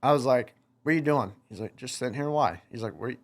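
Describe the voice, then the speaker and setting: A young man chats as a podcast guest, spinning stories with plenty of energy. He laughs as he goes and acts out what others said. His voice sits at an ordinary, mid-range pitch. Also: quick pace, few pauses. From United States. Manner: animated, laughs while telling stories, acts out quotes. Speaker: podcast guest, motocross racer. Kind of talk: casual storytelling.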